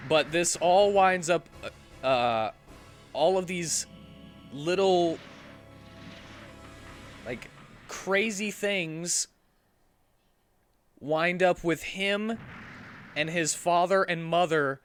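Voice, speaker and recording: A man streaming a game, chatting casually and retelling a film in a halting, rambling way. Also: high voice. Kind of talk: casual chat while gaming. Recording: faint game music behind.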